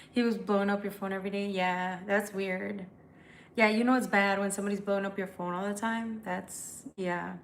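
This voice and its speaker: A woman's voice: mid-range voice, level tone, normal speed, a bit bright, a little hiss or hum. Chatty, profane woman live-streaming. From United States. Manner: loose, profane, chatty, reads comments aloud. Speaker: tarot reader live-streaming to viewers. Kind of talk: casual live-stream chat.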